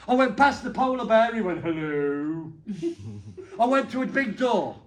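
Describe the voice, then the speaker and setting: A middle-aged man performing a comedy magic act, bantering playfully with the crowd and breaking into sudden loud bursts. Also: very high voice, sing-song, moderate pace.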